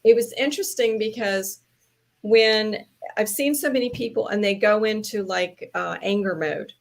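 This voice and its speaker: Southern woman guest speaker, playful storyteller, mid-pitched, casual panel chat. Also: moderate pace, creaky. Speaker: podcast guest, trainer and speaker.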